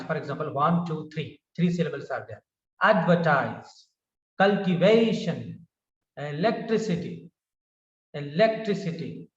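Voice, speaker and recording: A man with an Indian English accent teaching English word stress, slowly repeating each word, with frequent "uh" fillers. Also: fairly high pitch. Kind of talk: classroom pronunciation lesson. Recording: dull, roomy recording from a distance.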